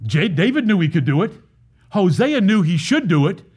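A man's voice: sits high, sing-song, moderate pace, darkish tone, slightly rough. A man preaching a sermon as pastor, emphatic, repeating lines and asking rhetorical questions.

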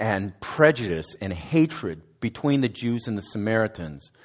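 A man giving a conversational sermon as a student ministries director, asking his listeners direct questions and now and then restarting words. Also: medium pitch. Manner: conversational preaching, asks the audience direct questions, some restarts.

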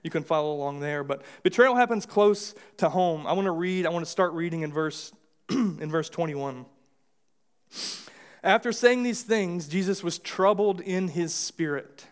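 Speaking at a normal speed with a clean tone and fairly high pitch, an American pastor gives a sermon in the church sanctuary. It's an easygoing, conversational talk marked by lots of restarts and acted-out asides.

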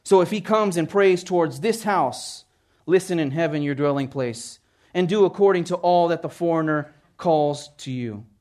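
A man's voice: a little high, moderate pace, a little mellow. A man preaching a sermon as pastor, earnest and emphatic, reading scripture in a pleading tone.

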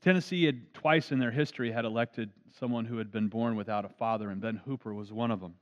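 A man's voice: fairly low pitch, fast. A man, a pastor, preaching an earnest storytelling sermon. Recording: dull lo-fi recording.

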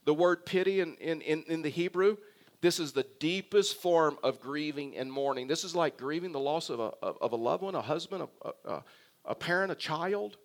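A man's voice: fairly high pitch, moderate pace. A man preaching a sermon, speaking earnestly and repeating phrases as he addresses the congregation. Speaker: pastor.

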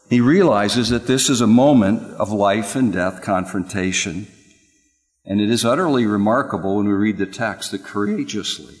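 Male preacher, deep-ish voice, dramatic sermon delivery, long church reverb. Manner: dramatic swings from loud exclamations to hushed low passages.

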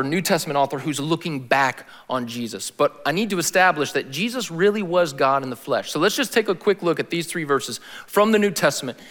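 A man giving a sermon as a pastor, in a casual, slangy style with animated emphasis. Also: a little high, long reverb tail.

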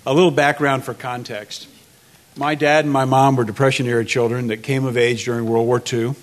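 A man in his sixties speaks with earnest, measured care, pausing on small fillers as he shares his testimony. His voice sits in an ordinary middle register. He sounds like he is addressing a gathered church audience. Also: mid-range voice, little pitch movement. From United States. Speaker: speaker at a church marriage event. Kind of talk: testimony and prayer.

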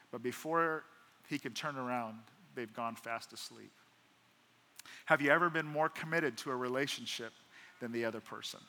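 A man preaching a sermon as pastor, swinging from hushed to emphatic and acting out prayers. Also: mid-range voice, normal speed. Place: church auditorium. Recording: long church hall reverb.

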